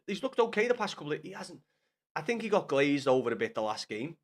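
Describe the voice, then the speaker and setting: Young Scouse streamer, loose rambling match chat to viewers, pitch a touch high. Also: male voice, big pitch swings, brisk. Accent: Liverpool Scouse. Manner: rambling, swears often, talks to chat viewers by name. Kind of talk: casual live-stream football chat.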